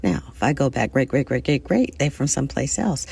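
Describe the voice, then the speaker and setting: A woman from the United States hosting a podcast, speaking in a thoughtful, measured solo monologue and addressing her listeners directly. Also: a bass voice, very animated, gravelly, darkish tone, breathy edge, dry recording. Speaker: podcast host.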